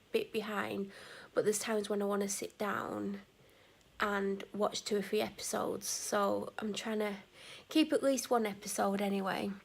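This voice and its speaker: In this relaxed vlog, a weary woman rambles slowly, her mid-range voice carrying a rough, creaky texture. She often stops to fix what she just said, and at times her speech fades almost to a whisper.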